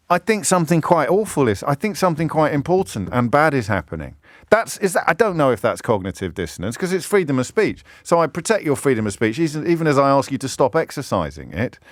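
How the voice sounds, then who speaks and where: A middle-aged man hosting a radio phone-in, talking in a lively, self-interrupting way and slipping into mimicked heckler voices. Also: a little high, a little fast, no echo, clean studio sound. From England. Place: radio studio. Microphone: studio microphone.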